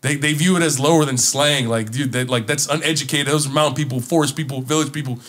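A man co-hosting a casual podcast chat, telling animated stories that get loud when he is worked up. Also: mid-range voice, fast. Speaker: podcast co-host.

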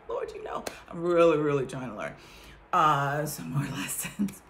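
A woman's voice: deep voice, measured pace, slight background noise. A woman chatting casually to her viewers about her faith and the lessons she has learned, often breaking into laughter. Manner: animated, laughs often, addresses viewers directly. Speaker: vlogger sharing a faith testimony. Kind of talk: casual testimony chat.

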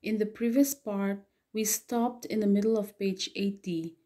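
A woman's voice: medium pitch, fairly even intonation, unhurried, mellow. A woman teacher explaining and reading a play aloud to her students, with frequent okay and so. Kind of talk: literature lesson reading a play.

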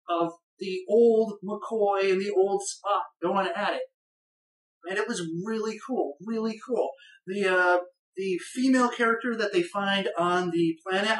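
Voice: medium pitch, a bit bright. A person giving a casual spoken film review in a rambling, conversational way, with bursts of enthusiasm. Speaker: movie reviewer. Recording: roomy echo, voice far from the mic.

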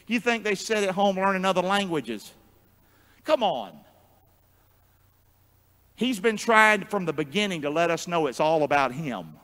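A male pastor preaching a sermon in call-and-response style, jumping from shouts to low murmurs. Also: sing-song, measured pace, long pauses. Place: church sanctuary. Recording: long church hall reverb.

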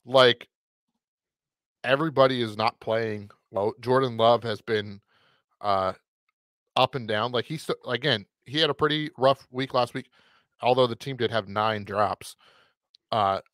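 A man's voice: mid-range voice, a bit bright, dry recording. A man co-hosting a casual fantasy football podcast, rambling and correcting himself with a wry edge. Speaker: podcast co-host.

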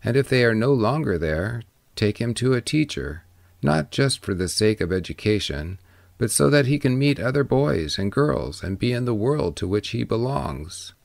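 A man reading a wise old ferryman, gravelly. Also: mid-range voice, sing-song, no echo. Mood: counseling. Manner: measured, gentle questioning. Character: old wise male ferryman, calm and gentle. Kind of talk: audiobook reading.

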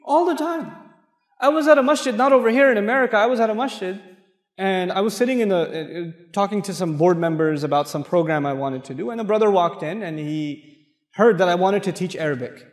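A man from Pakistan lecturing to a mosque audience, telling stories in an animated way and laughing often. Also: sits high, fairly quick, echoey room, in a large hall. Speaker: speaker.

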